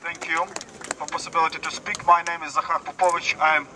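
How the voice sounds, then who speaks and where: A man with a Ukrainian accent speaking at an outdoor street rally, halting and searching for words with many fillers. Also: a little high, little pitch movement. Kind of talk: public speech at a street rally. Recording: far from the mic, street noise.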